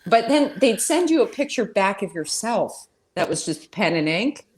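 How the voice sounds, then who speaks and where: A woman's voice: mid-range voice, sing-song, normal speed. A woman who works in radio, a podcast guest telling self-deprecating stories in casual chat and laughing often.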